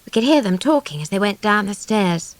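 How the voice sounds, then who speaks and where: A woman narrating a novel as an audiobook in a lively storytelling manner. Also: medium pitch, fairly quick, dry recording.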